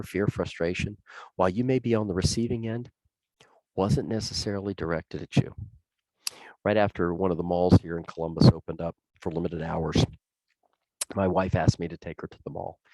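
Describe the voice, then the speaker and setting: A man's voice: low-pitched, gravelly, darkish tone, dry recording, low-quality recording. A man giving a plain-spoken, conversational talk on self-care, telling stories and repeating key points for emphasis. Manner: folksy, plain-spoken storytelling with emphatic repetition. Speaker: public safety speaker. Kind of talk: conversational presentation.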